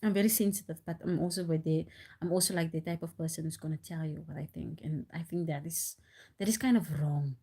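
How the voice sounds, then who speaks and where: A woman chatting on a live stream, telling stories in an animated, rambling way with restarts and frequent laughs, into a phone. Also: sits low, brisk, breathy edge. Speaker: livestreamer. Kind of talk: casual storytelling on a live stream.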